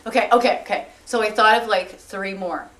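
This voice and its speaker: A woman telling a theatre anecdote in an animated way, acting out the quoted lines in raised voices. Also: medium pitch, a little fast. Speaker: interviewee in theatre documentary.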